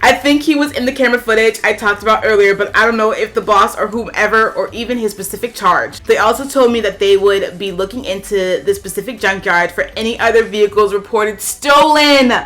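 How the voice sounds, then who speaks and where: A woman reading online posts aloud and reacting to them, with animated, sassy outbursts and big jumps in pitch. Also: fairly quick, hardly any pauses. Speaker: YouTuber.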